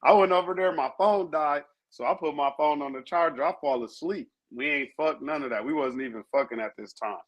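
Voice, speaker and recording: A man co-hosting a podcast, telling profane, animated stories and acting out what people said. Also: on the high side, brisk, few pauses, lo-fi sound. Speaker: podcast co-host. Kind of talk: casual chat, storytelling.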